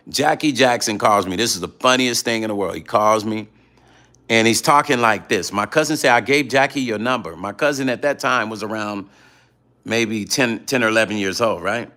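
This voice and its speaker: Middle-aged man, late-night stream host, animated storyteller, bright forward voice. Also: on the low side, normal speed. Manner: animated storyteller, addresses viewers as family. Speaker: musician hosting a late-night livestream. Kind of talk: casual late-night chat, reading viewer comments.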